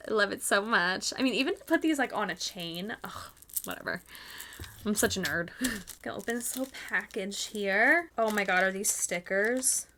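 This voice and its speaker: A young woman hosting a crafting podcast, gushing and gasping excitedly as she unboxes handmade gifts. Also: medium pitch, a little hiss or hum. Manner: gushing, gasping, swears mildly, fast bursts of excitement. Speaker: podcast host.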